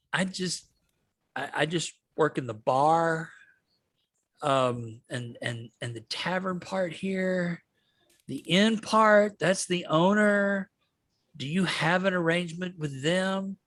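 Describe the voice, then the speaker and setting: Man voicing a tavern barkeep, weary, grumbling, hesitant, slow-spoken, tabletop game. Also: a little high, fairly bright tone, dry recording. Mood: flustered.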